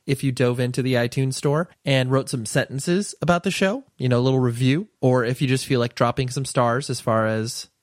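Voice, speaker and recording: A man hosts his podcast with a stuffy, congested voice from a cold. He talks in an excitable, rambling and self-deprecating way, in an ordinary middle pitch. The sound is dry, with no room around it. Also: a little fast, few pauses, dry recording. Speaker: podcast host. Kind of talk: casual podcast chat.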